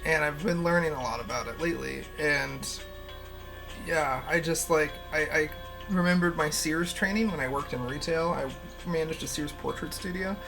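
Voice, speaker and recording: Rambly streamer just chatting, kinda gravelly voice, some faint music behind. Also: mid-range voice, normal speed. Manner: rambling and candid, laughs often, swears freely. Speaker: livestream host. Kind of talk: casual stream chat.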